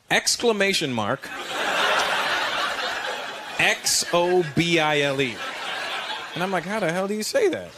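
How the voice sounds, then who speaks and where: A man doing a stand-up comedy routine, telling stories animatedly, mimicking voices and shouting punchlines. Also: a little high. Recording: live club set with loud audience noise and long reverb.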